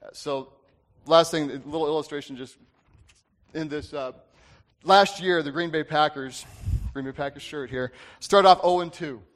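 Man, pastor, casual sermon, higher voice, chatty, stumbles and restarts a lot. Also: normal speed, fairly bright tone. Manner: conversational, often asks "right?", with frequent restarts.

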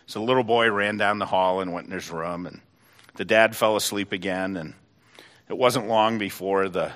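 A middle-aged man preaching a sermon as pastor, fervent and building to loud emotional peaks, then praying. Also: on the low side, fairly even intonation, normal speed.

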